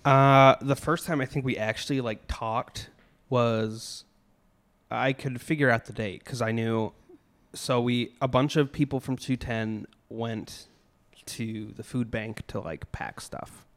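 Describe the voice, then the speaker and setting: A young man chatting as a podcast guest, halting and hesitant as he recalls things. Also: mid-range voice. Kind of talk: casual chat.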